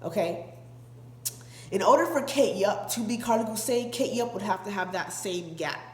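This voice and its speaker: A woman's voice: mid-range voice, normal speed, a little mellow, echoey room. A woman hosting a casual commentary vlog, talking straight to her viewers and hammering her points home by repeating them. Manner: emphatic and repetitive, addresses viewers directly. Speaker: vlog host.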